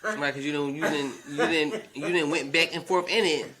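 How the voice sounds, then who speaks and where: A man's voice: a little high, steady tone, moderate pace, a crowd in the background. A man co-hosting a podcast in casual chat, often agreeing and adding to the story. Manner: reacts with frequent agreeing murmurs. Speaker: podcast co-host.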